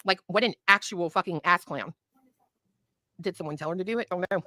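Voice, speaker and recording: A woman joins a casual stream as a guest, speaking a little low with a bright, hard edge. She is blunt and heated, swearing often, and the sound is dry and close. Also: brisk, no echo. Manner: blunt and heated, heavy profanity. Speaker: guest on a livestream. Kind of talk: casual chat.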